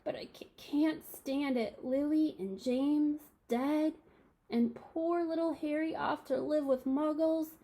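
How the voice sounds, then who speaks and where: A woman voicing a huge, soft-hearted male half-giant who stammers humbly and keeps saying sir. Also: mid-range voice, little pitch movement, normal speed, close to an everyday voice. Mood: sobbing.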